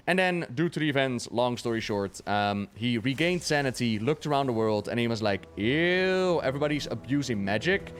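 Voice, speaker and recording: A man streaming a video game, chatting casually about its lore with jokes and casual swearing. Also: mid-range voice. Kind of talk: casual lore commentary while playing.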